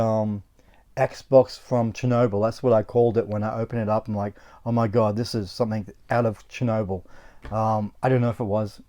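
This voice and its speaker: Chatty Australian man with a mellow voice. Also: mid-range voice. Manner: rambling and chatty, with many fillers and restarts. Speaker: host of a retro console restoration channel. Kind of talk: casual narration of a restoration video.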